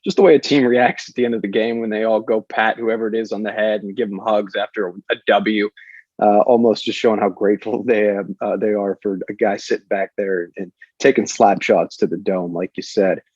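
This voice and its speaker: A man's voice: fairly low pitch, fairly even intonation, brisk, a little mellow, no room sound. Chatty male podcast host, dry dull audio. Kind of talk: casual podcast chat.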